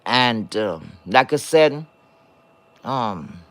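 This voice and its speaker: A woman's voice: very deep voice, very animated, drawn-out words. Blunt, scolding woman on a livestream. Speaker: chat moderator. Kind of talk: livestream rant.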